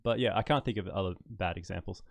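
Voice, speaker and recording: Laid-back Australian man, low voice. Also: fast, vocal fry, no room sound. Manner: friendly, laughs easily, rambling. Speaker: podcast host. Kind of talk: casual conversation over a call.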